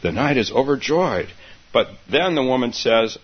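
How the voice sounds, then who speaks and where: A man's voice: mid-range voice, animated, moderate pace, breathy edge. A man giving a dharma talk as a meditation teacher, speaking unhurriedly and repeating his phrases. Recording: dull recording with faint hiss.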